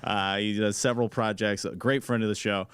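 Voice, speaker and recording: A man co-hosting a podcast, reading plugs and news items in a brisk, wry, upbeat way. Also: lowish voice, steady tone, a bit bright, clear, resonant tone. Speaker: podcast co-host and producer. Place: podcast studio.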